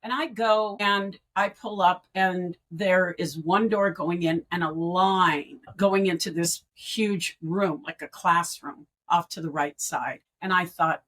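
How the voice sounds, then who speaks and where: A middle-aged woman, an end-of-life doula and grief educator, telling her personal story as a guest in a podcast interview over a video call, animated and quick to act out what people said. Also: fairly low pitch, low-quality recording. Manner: animated storyteller who acts out quoted speech.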